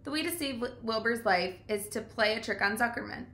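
A woman voicing a wise, patient female spider who speaks gently and thoughtfully. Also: fairly high pitch, a little fast, roomy sound. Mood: scheming.

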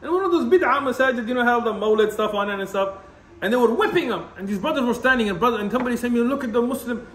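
A man giving an impassioned religious lecture, blunt and animated, laughing as he rants and dropping Arabic terms. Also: very high-pitched, racing. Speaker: Islamic lecturer. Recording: echoey room.

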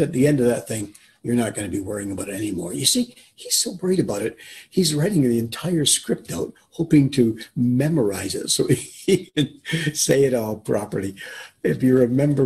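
A man's voice: medium pitch, darkish tone. Earnest man hosting a video interview. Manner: earnest, repeats words while he talks. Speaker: interviewer, host. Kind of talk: casual talk to viewers and interview. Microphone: video call.

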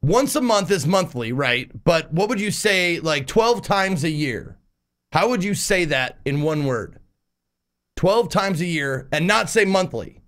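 A man's voice: on the high side, lively intonation, a little slow, fairly bright tone. A man casually chatting on a live stream, reading out viewer messages, swearing and laughing often. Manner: profane, laughing, reads chat aloud. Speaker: game streamer.

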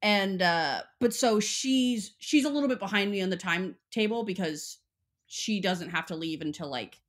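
A young woman from Texas chats casually as a podcast co-host, rambling and using "like" often. She speaks at a normal speed in a mid-range voice with lively intonation.

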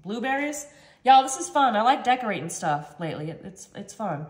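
Bubbly high-voiced woman vlogger. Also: big pitch swings, fairly quick, reverberant. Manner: chatty, bubbly, constantly addresses viewers as y'all. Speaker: vlog host. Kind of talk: casual chatty cooking vlog. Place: home kitchen, then a sunny backyard chicken coop.

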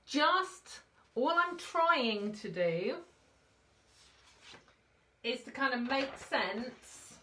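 A woman's voice: high-pitched, big pitch swings, drawn-out words, long pauses, bright, forceful tone, recorded from a distance. A woman from the UK hosting a casual craft live stream, out of breath and chatty, greeting viewers by name.

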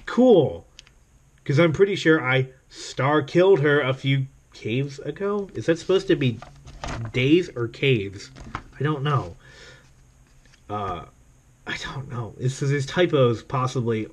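A man's voice: mid-range voice, lively intonation, a little slow. A man reviewing a comic book in casual video commentary, rambling and sarcastic, with many fillers and laughs.

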